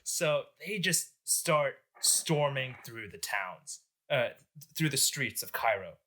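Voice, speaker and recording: A young man hosting a podcast, telling a history story with animated jokes and lots of filler words. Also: medium pitch, slow pace. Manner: animated, joking, filler-heavy. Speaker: podcast host. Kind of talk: casual history storytelling among friends.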